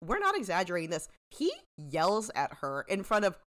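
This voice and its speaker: A woman's voice: lowish voice, moderate pace. A woman co-hosting a podcast, chatting casually and wryly while recapping a TV season, swearing freely. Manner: animated, wry, swears freely. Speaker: podcast co-host.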